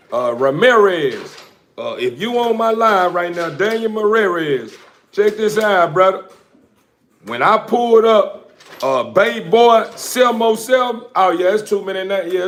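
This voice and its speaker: A man talks to his livestream viewers in a loose, rambling way, heavy on slang and stray "uh"s. His voice sits a little higher than most men's, and he keeps the tone easygoing and unscripted as he goes. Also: fairly bright tone. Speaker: dog breeder. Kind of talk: casual livestream chat.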